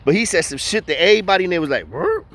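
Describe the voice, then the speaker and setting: A man's voice: sits high, expressive, racing, fairly bright tone. A man casually telling profane stories, full of street slang and repeated "know what I mean" fillers. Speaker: storyteller. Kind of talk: casual storytelling.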